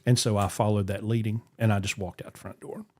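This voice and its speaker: Animated man telling a story. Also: lowish voice, quick pace. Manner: animated, acts out quoted voices. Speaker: podcast host. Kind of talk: casual storytelling.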